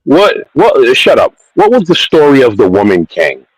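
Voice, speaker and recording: A man's voice: mid-range voice, wildly swooping pitch, normal speed, poor audio. A man calling into a debate, pushy and provocative, cutting in to ask questions. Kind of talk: casual debate.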